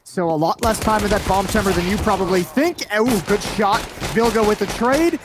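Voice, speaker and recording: A man casting a live esports match, calling the play quickly and adding wry, self-deprecating asides. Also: high voice, noisy background. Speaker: esports caster. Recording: loud game gunfire behind voice. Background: gunshots and clicks from the game.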